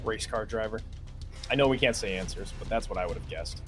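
A man's voice: lowish voice, a little fast, fairly bright tone, soft background music. Dry-humored man reading quiz questions. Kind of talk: game show question reading.

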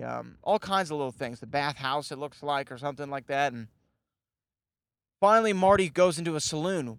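A podcast host talks through a film scene by scene in a loose, rambling way. His voice sits at an ordinary middle pitch for a man. He leans on "you know" and chuckles now and then at his own asides. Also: fairly bright tone, clear, resonant tone, no room sound. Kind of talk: casual movie recap.

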